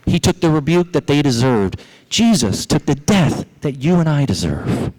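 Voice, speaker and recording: A man's voice: sing-song, moderate pace, poor audio. Preaching man asking rhetorical questions. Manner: preaching with rhetorical questions and sharp rises in pitch. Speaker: pastor. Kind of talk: sermon. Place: church.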